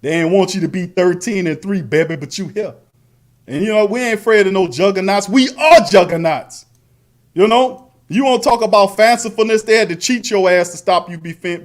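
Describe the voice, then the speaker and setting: A man hosting a live-stream sports show, ranting in a fiery, slangy way with chant-like repeated refrains. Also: fairly high pitch. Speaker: sports talk show host.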